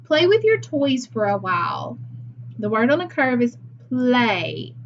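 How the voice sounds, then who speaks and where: A woman's voice: on the high side, big pitch swings, unhurried, gravelly, highs cut off, slight background noise. A woman teacher leading a phonics lesson for young children, patient and praising as she sounds words out.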